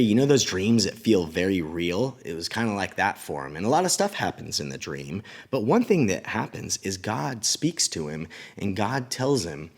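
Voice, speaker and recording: A man who teaches children at church, retelling a Bible story in a casual, animated way with chatty asides. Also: low-pitched.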